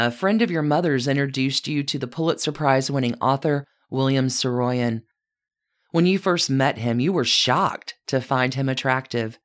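A woman hosts a podcast, reading from a script and addressing her subject directly as "you." She tells the story in a measured, even way, and her voice is remarkably low for a woman.

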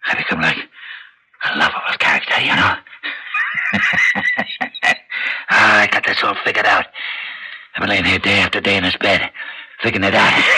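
An actor playing a scheming, bullying old gangster boss who is bedridden and weak, talking in rough street slang in a 1960s radio drama. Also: male voice, low-pitched, fairly even intonation, fairly quick, sharp tone, full character voice, low-quality recording.

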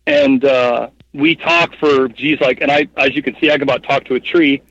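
A man in his thirties telling a long story as a guest in an interview, rambling and animated, with lots of fillers. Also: mid-range voice, moderate pace, no echo, highs cut off. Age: 30s. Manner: rambling, animated, heavy with fillers like "like" and "you know what I mean". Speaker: guest, hunting guide and cameraman.

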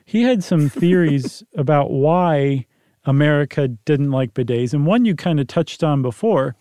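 A man co-hosts a casual podcast. His voice is rather high but warm and dark. He explains things in a playful, wry, rambling way, and the sound is dry and close. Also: expressive, unhurried, no echo. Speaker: podcast co-host. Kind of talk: casual chat.

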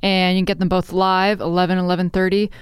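A woman hosting a casual interview, chatting with quick, eager affirmations. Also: lowish voice, level tone, clean tone, dry recording, studio quality. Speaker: host.

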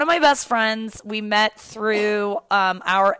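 A woman's voice: mid-range voice, slow, few pauses, pushed and bright, clean tone, dry recording, clean studio sound. A young woman hosting a podcast from her apartment couch, chatting casually, laughing and swearing freely. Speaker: podcast host.

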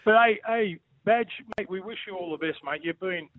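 A man's voice: high voice, normal speed. An Australian man calling in, joking boisterously and saying "mate" constantly. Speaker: guest caller. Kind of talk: casual banter on a call-in. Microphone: phone. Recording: tinny phone line.

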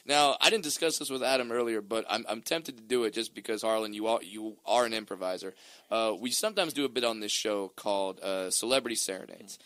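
A man hosting a comedy podcast, chatting in a playful, lively way. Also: fairly low pitch, fairly quick, no echo. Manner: lively, playful, prone to loud comic outbursts. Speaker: podcast host. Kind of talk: casual chat.

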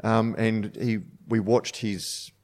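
Laughing co-host asking questions. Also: male voice, fairly low pitch, little pitch movement, slow pace, a little mellow. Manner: prompting questions, laughs often. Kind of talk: casual podcast chat.

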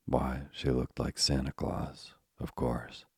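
A man's voice: a bass voice, level tone, slow pace, darkish tone, husky, no echo, clean studio sound, heavily acted. A man voicing a little female mouse who tells a tale in an earnest, theatrical way. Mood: dramatic.

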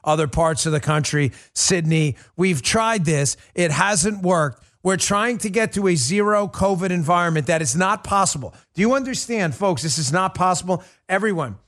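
Guy doing a political podcast rant, kinda high voice, hammers his points over and over, fired up. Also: a bit bright. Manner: emphatic, repetitive, indignant. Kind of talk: political commentary monologue.

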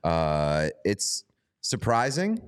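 A man's voice: low voice, huge pitch swings, extremely slow, clear, resonant tone. A man co-hosting a casual sports podcast, trading easygoing, dry banter. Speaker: podcast co-host. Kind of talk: casual chat.

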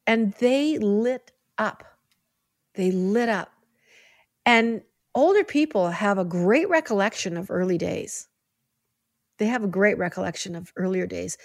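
A middle-aged woman hosting a podcast in casual chat, chatty and animated as she gives heartfelt advice. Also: medium pitch, measured pace, gravelly, no echo, studio quality. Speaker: podcast host.

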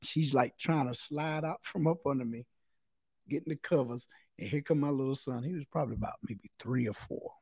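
Sick middle-aged guy on a podcast, gravelly husky voice, crude slangy storytelling. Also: medium pitch, brisk, darkish tone, dry recording, clean studio sound. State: sick, recovering. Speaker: podcast co-host. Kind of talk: casual chat.

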